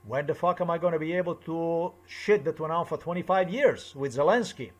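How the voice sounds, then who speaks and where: A man's voice: a little high, fairly quick. Agitated, swearing man in a rant. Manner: agitated, profane, repetitive ranting. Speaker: vlogger. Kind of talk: angry personal monologue.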